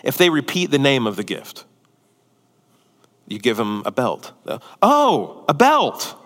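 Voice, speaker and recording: A pastor preaching a sermon, a man who swings between loud, excited emphasis and hushed, near-whispered lines. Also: mid-range voice, a little slow, in a large hall.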